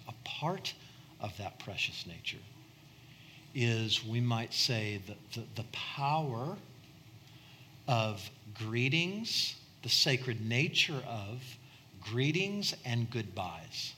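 A man's voice: mid-range voice, lively intonation, measured pace, bright, forceful tone, slight background noise. A middle-aged man preaching a conversational sermon, repeating words and building to impassioned peaks. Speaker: pastor.

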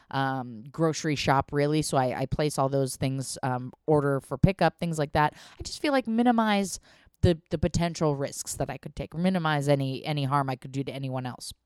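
A woman with a low, smooth voice hosts her podcast in a loose, candid monologue, pausing on ums and restarting her sentences. The sound is close and dry, with no room around it. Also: no room sound. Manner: candid, chatty, swearing, frequent ums and self-restarts. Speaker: podcast host.

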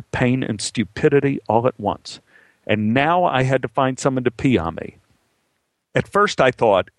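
Middle-aged man, comic storyteller; lively delivery that shoots up in pitch at the tense parts, close and dry. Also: dry recording. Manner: animated, voice climbs high when the story gets tense.

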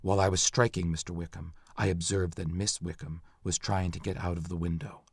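Man reading as a low, quiet, condemned 1800s axe killer confessing in a dry, flat read. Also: a little fast, slightly rough, no echo. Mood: grim. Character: male convicted axe murderer confessing, 1800s.

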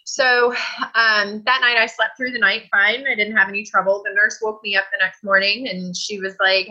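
A woman's voice: mid-range voice, flat delivery, moderate pace, bright, forceful tone, highs cut off. A woman guest telling a personal story in a chatty, earnest way that often breaks into laughter.

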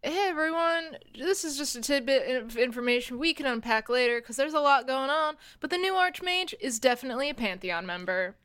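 A woman chats playfully at a tabletop game. Her voice is fairly high and recorded dry and close, with no room sound. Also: lively intonation, fairly quick, hardly any pauses, fairly bright tone, clean tone, no echo. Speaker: player. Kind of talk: casual chat at a game table.

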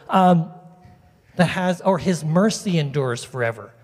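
A man preaching a sermon to his congregation in a lively, conversational way, asking them questions and drawing them in. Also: fairly high pitch, normal speed. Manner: animated, conversational, talks directly to the congregation. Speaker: pastor. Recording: long reverb of a large hall.

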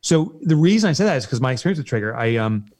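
A man's voice: medium pitch, fast talker, dry recording. Upbeat guy chatting, voice bouncing all over, dry close sound. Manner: animated storyteller, upbeat. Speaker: business co-owner, podcast host. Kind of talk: casual chat.

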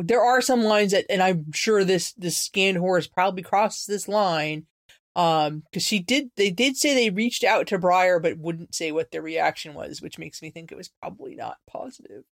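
A woman co-hosting a podcast in casual chat, talkative and lively, with many "you know" fillers. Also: medium pitch, normal speed, no echo, clean studio sound.

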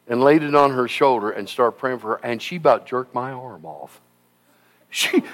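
A man preaching a sermon, telling stories in an animated, folksy and emphatic way. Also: high voice, creaky. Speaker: pastor.

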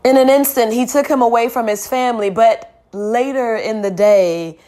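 A weary woman speaking a slow, deliberate, heavy lament in a spoken-word style. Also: on the high side, warm tone.

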